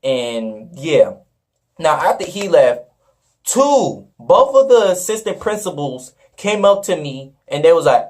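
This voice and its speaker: A man's voice: fairly high pitch, very animated, measured pace. Slangy young man telling a story. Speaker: vlogger. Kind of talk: storytime vlog.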